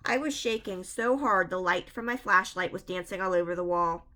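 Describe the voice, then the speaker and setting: A woman's voice: fairly low pitch, moderate pace, sharp tone. A woman reading a suspenseful children's book aloud, chapter by chapter. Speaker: reader.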